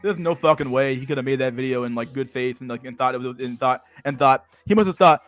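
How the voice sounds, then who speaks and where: A young man hosting a casual livestream at a middle pitch. He talks in a profane, slangy way and keeps restarting his sentences. Faint music plays behind him. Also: fast talker, few pauses, a bit bright. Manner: profane and slangy, lots of "dude" and "bro", many restarts. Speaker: livestream host.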